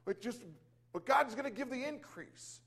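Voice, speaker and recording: A man with a notably high voice shares a casual faith testimony in a loose, rambling way. He restarts his sentences, leans on fillers, and breaks out into exclamations of praise as he goes. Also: animated, normal speed, a bit bright. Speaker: Christian business owner sharing testimony.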